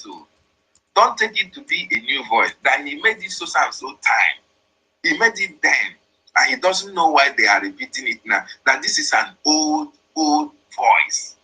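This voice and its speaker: A man's voice: a little high, pushed and bright, husky, rough recording. A man, explaining and interpreting a played voice message in a repetitive, emphatic way. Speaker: commentator.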